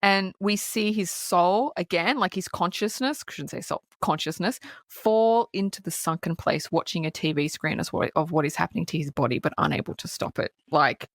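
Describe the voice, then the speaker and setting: A woman co-hosting a podcast, excitedly retelling film scenes with plenty of swearing. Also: fairly low pitch, normal speed, few pauses, no echo, studio quality. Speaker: podcast co-host. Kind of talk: casual film review chat.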